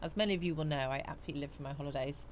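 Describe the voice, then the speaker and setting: A sleepy woman, originally from the West Country, hosts a casual livestream chat in a warm little home studio. Her voice sits on the low side with a faint hum behind it, and she chats easily, greeting viewers and answering their comments. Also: very fast. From West Country, England. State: sleepy, yawning. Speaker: livestream host.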